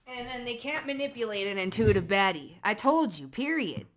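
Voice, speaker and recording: A woman giving a casual tarot reading to her viewers, blunt and profane, swinging between loud emphatic bursts and low muttered asides. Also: lively intonation, normal speed, a little hiss or hum. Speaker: psychic tarot reader.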